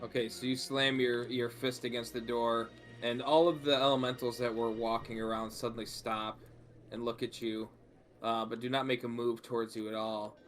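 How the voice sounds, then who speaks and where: A man narrating as game master in a tabletop game, relaxed and full of fillers. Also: mid-range voice, normal speed, faint music behind.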